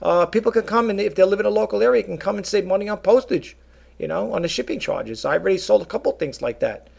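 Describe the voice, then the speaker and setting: Middle-aged man, very gravelly voice, slightly high pitch, casual rambling vlog talk, lots of fillers. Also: animated, quick pace, darkish tone. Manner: rambling, many fillers and asides, addresses viewers as folks. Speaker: vlogger and eBay reseller.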